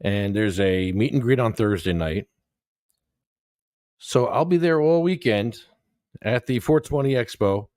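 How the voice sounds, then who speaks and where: A man's voice: on the low side, a little slow, pauses often, a little mellow, dry recording, clean studio sound. A man hosting a casual podcast over a call, laid-back and slangy. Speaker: podcast host. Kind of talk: casual chat.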